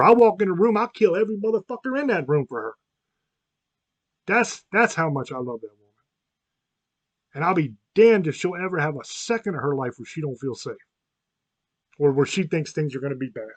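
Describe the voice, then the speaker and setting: A man's voice: on the high side, dry recording. A man, hosting a podcast and talking bluntly, swearing a lot and getting worked up. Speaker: podcast host. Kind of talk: profane podcast monologue.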